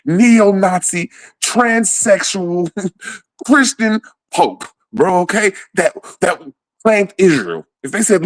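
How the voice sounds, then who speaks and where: A man's voice: high-pitched, expressive, takes it slowly, no room sound. A man in a casual comedic rant, swearing freely and laughing often in the middle of his sentences. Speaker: comedic ranter.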